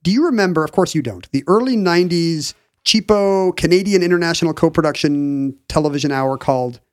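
A man's voice: a little high, fairly quick, a little mellow, clear, resonant tone, no room sound. Rambling, joking man on a dry mic. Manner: rambling, self-interrupting, joking. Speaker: podcast co-host. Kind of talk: casual chat.

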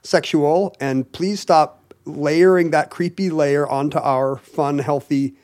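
A man's voice: a little high, fairly even intonation, slow pace, a little mellow. Jokey, explaining male podcast host. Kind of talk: casual chat.

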